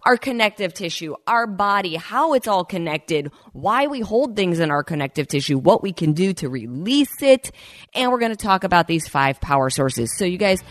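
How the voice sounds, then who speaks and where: A woman's voice: lowish voice, very animated, normal speed, no echo, studio quality. A woman hosting a podcast, telling a personal story in a casual, chatty way and often talking straight to her listeners. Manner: chatty, addresses listeners as "you guys". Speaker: podcast host.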